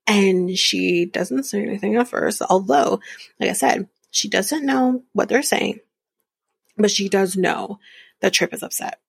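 A woman recaps a reality show on her podcast, blunt and exasperated, and she swears as she goes. Her voice has a gravelly, husky edge. She is recorded close up in a dry, dead room. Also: mid-range voice, measured pace, no room sound. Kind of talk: casual recap commentary.

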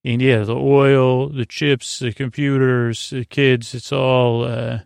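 A man hosting a sleepy bedtime podcast, retelling a story in a halting, rambling way with many fillers and restarts. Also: creaky, clean tone, no room sound, clean studio sound. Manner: low-key monotone retelling. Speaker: podcast host. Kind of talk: sleepy bedtime episode recap.

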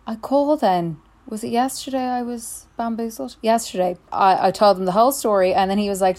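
A young woman, co-hosting a casual chat and telling a story in quick asides. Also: medium pitch, a little mellow. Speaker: podcast co-host.

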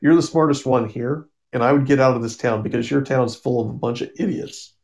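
A man voicing a gruff wandering hillbilly with a blunt, matter-of-fact delivery. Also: mid-range voice, a little fast, darkish tone, natural voice.

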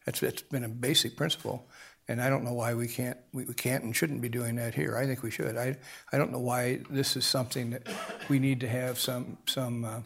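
A man with a gravelly, slightly husky voice, talking through a panel discussion as a guest. He stumbles and repeats himself, then pushes his argument with growing insistence. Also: medium pitch, flat delivery, a bit bright. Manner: halting, repeats words, grows emphatic.

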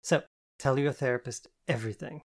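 A woman's voice: rumbling low, fairly quick. A woman voicing a bubbly, theatrical woman friend who teases and takes charge, in a storybook reading. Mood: breezy. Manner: teasing, theatrical, gleeful. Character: bubbly flamboyant woman friend, teasing counsellor.

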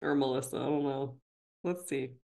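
A woman co-hosting a podcast in casual chat, teasing and quick to laugh. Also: a bass voice, dark tone. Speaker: podcast co-host.

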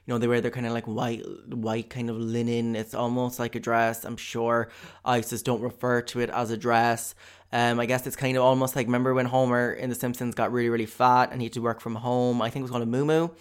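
Young irish guy from cork, rambling jokey rant, swears a lot, mid-pitched voice. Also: level tone, a little fast, smooth. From Ireland. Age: young adult. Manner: rambling, profane, jokey, with lots of fillers. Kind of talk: comedic monologue.

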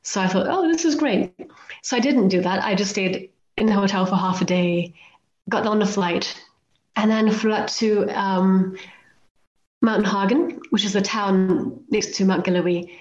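A woman's voice: medium pitch, steady tone, normal speed. Chatty woman telling stories in a roomy room. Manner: chatty, self-deprecating, acts out quoted lines. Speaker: guest author and volcano climber. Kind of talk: anecdotal storytelling in a podcast interview. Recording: roomy, slightly dull remote audio.

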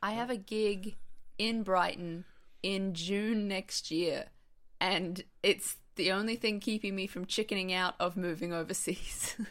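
A woman's voice: mid-range voice, steady tone, a little slow, fairly bright tone. A woman who is a guest on a podcast, chatting casually and laughing often. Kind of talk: casual group chat.

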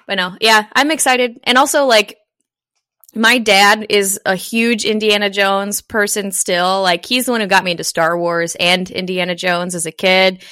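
A bubbly, excitable woman co-hosts a podcast in casual chat. Her voice is medium-pitched and clean at a normal speed, recorded dry with clean studio sound.

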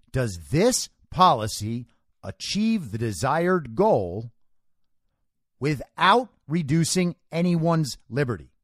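A man hosts his own podcast in a forceful, opinionated monologue, throwing out rhetorical questions. His fairly high voice rises and falls in animated swings. The sound is dry and close to the mic. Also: breathy edge, no echo. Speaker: podcast host.

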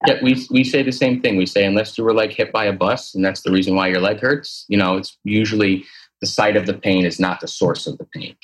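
A man with a somewhat low voice talks through his therapy approach in a relaxed interview. He is earnest and rambling, full of fillers and restarts as he explains his thinking. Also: brisk. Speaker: athletic trainer and posture therapist. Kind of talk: casual conversational interview.

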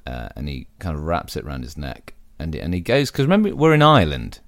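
A man improvising a comedy story with a co-host, dropping deadpan twists. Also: extremely low pitch, fast, no echo, clean studio sound.

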